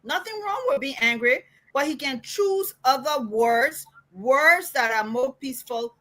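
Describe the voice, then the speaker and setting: Bright-voiced woman pressing a question. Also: sits high, lively intonation, a little slow, low-quality recording. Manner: pointed, questioning. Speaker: panelist. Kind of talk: panel debate.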